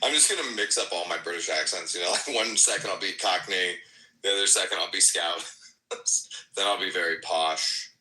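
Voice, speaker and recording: A young American man chatting loosely on a podcast, laughing and cursing as he goes. His voice sits low but has a very bright, cutting edge. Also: moderate pace, rough recording. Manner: loose, laughing, swears a lot. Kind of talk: casual podcast chat.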